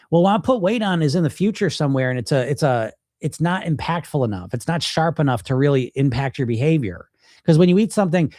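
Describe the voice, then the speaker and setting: Male weight-loss coach, blunt and animated, slightly high voice, dry close sound. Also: quick pace, no room sound. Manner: animated, acts out inner self-talk in quoted voices; blunt, casual swearing. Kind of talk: direct-to-camera coaching talk.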